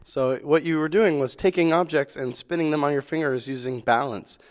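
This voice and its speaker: A man's voice: a little high, moderate pace, long reverb tail. A man hosting a talent show, interviewing a guest with enthusiastic compliments. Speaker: show host.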